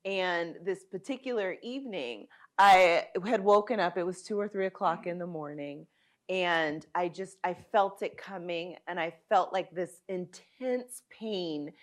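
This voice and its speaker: A woman guest on a talk show, telling her own story in a heartfelt, vivid way that swings between soft and loud. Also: lowish voice, a little slow. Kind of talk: personal storytelling in a conversation.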